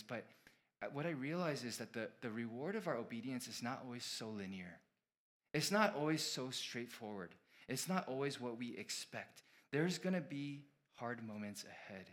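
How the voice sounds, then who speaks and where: A man in his thirties gives a sermon with a bright, forceful voice. He tells a personal story earnestly, stopping and restarting often, and his pitch stays in an ordinary middle range. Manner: earnest, halting storytelling with many fillers and restarts. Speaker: pastor.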